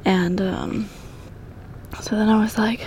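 A young woman telling a story in casual chat, her voice gravelly with fry. She swears freely and slips into half-whispered asides while exercising. A faint hum of noise sits behind her. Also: mid-range voice, steady tone, slow pace, a little mellow. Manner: chatty, profane, often whispering asides.

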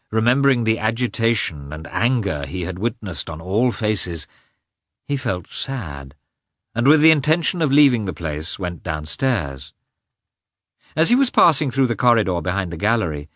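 A man reading a classic novel aloud as a narrator, in a measured, expressive way. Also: lowish voice, no echo, studio quality. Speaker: audiobook narrator.

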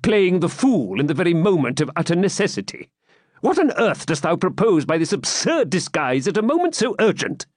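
A man's voice: big pitch swings, normal speed, no echo, clean studio sound. A man voicing a scheming, angry medieval Norman noble who speaks sharply and impatiently. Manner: sharp and impatient, voice raised higher.

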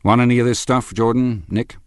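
A man's voice: fairly low pitch, animated, normal speed, no room sound, clean studio sound, close to an everyday voice. A man voicing a domineering wealthy man who speaks in a blustering, accusing way. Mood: brusque.

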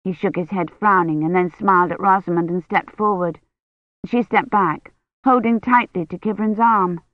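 A woman reading a novel aloud as audiobook narrator in a measured, even way. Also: medium pitch, no room sound. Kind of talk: scripted narration. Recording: dry, dull lo-fi audiobook recording.

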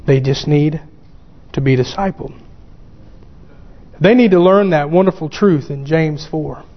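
A man preaching a sermon, fervent and growing excited as he quotes scripture. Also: fairly high pitch, a little slow. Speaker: pastor. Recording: dull lo-fi sound with long hall reverb.

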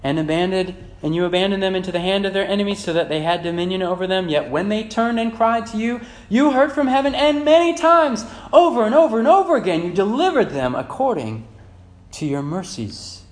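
A man's voice: high-pitched, animated, brisk. Fervent preacher man in an echoey church. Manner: swings from loud fervent emphasis to soft quiet reflection. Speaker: pastor. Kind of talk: sermon. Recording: echoey church room with faint hum.

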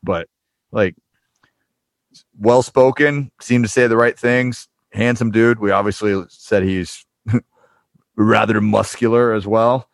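A man with a fairly deep voice talks through a TV episode in a relaxed podcast chat. He often stops on ums and uhs as he gathers his thoughts. The recording is dry and close, with no room sound. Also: creaky, no echo. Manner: halting, with frequent ums and uhs. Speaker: podcast co-host. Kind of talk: casual chat, recapping a TV show.

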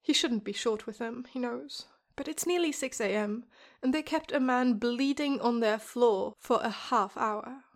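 A woman calmly reading a story aloud in a measured way. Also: a little high. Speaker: podfic reader. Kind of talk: storybook narration.

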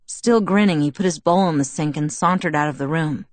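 Low-voiced woman narrating an audiobook. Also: brisk, no room sound. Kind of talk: scripted first-person narration.

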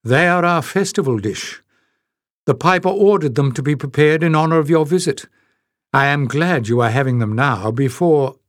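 A nervous woman host in a storybook, voiced by a man, chattering in a lifted, falsely bright tone. Her cheer sounds strained and thin. It is a close, dry recording. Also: fairly high pitch, expressive, moderate pace, no echo, pitched above the performer's own voice, natural voice. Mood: nervously cheerful.

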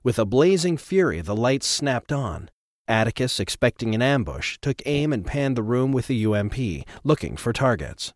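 A man narrating an audiobook with an expressive, dramatic reading. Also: mid-range voice, moderate pace, dry recording, studio quality. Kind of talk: scripted narration.

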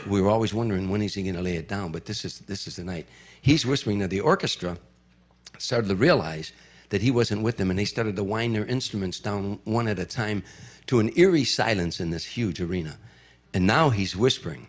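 A middle-aged man telling a story in casual conversation, building the drama and dropping into hushed tones. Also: fairly low pitch, a little fast.

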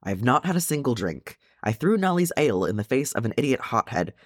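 A man's voice: mid-range voice, big pitch swings, fast talker, no echo, studio quality, voice pushed up. A man reading aloud and voicing a rash, hot-tempered young male dwarf who talks in agitated bursts. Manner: agitated, loud.

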